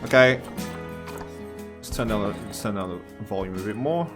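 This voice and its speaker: This gameplay commentator, a Massachusetts man, talks at normal speed in a lowish voice. He rambles casually through a let's-play, chatting with the on-screen animals while faint game music plays behind him.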